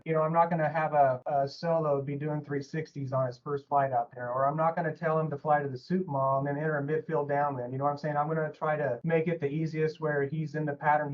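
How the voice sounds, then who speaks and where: An air traffic controller, a man, explains his work in a relaxed, conversational way. His voice is a little high and the sound is dull and lo-fi. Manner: easygoing, conversational, with fillers. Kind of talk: casual interview answers.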